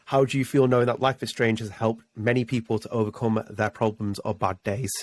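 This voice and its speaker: A man's voice: on the low side, flat delivery, fairly quick, dry recording. A British man hosting a casual podcast interview, friendly, reading out listener questions and laughing along. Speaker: podcast host.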